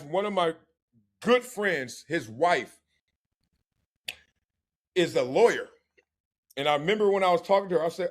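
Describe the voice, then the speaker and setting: A man hosting a sports talk podcast, telling animated stories, acting out voices and laughing often. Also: on the high side, normal speed, long pauses. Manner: storytelling, mimics others' voices, laughs often. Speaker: host.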